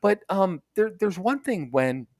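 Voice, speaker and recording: A man's voice: sits high, very animated, a little slow, dry recording, studio quality. A man co-hosting a podcast, telling a rambling story in casual chat, swearing and laughing as he goes. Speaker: podcast co-host.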